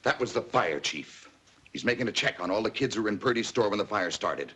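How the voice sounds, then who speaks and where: A man's voice: fairly low pitch, expressive, a little fast, breathy edge. An actor playing a stern, worn-out father scolding his daughter in a 1950s TV drama. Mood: angry. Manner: stern, scolding, rising to shouts.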